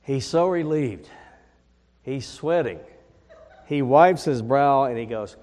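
A man preaching a sermon, reading scripture, praying and telling a lively story that builds to emphatic questions. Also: mid-range voice, slow. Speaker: pastor. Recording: long hall reverb.

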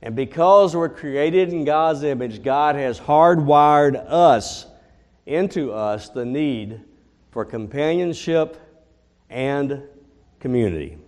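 A man preaching a sermon as pastor, slow and emphatic, repeating his key phrases. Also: a little high, animated, a little mellow, long reverb tail.

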